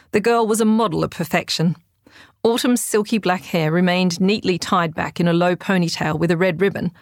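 A woman, the author, narrating her children's adventure book in a clear, steady manner. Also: lowish voice, no room sound, clean studio sound. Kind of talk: audiobook narration.

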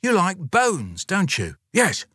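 A man's voice: wildly swooping pitch, slow, sharp tone, breathy edge, no room sound, clean studio sound, heavily acted. A man voicing an eager five-year-old girl in a storybook reading. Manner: eager, high and piping.

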